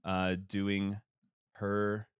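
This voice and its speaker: A man's voice: on the low side, monotone, extremely slow, clear, resonant tone, no room sound, studio quality. A man hosting a casual podcast, joking and rambling with wry asides. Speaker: podcast host. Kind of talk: casual chat.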